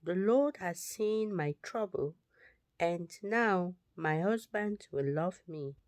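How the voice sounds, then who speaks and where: A woman's voice: fairly low pitch, expressive, takes it slowly, a little mellow, dry recording. A woman reading the lines of an unloved wife who hopes for her husband's love, in a plain, earnest voice.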